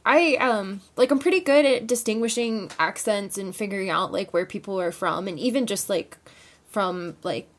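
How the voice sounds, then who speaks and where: A woman's voice: mid-range voice, moderate pace. A woman guesting on a casual movie podcast, chatty and full of "like" fillers.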